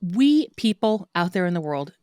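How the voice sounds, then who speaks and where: Lively, teasing woman podcast co-host. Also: on the low side, moderate pace, clean tone, no echo, studio quality. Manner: teasing, laughs often, emphatic. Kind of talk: casual chat.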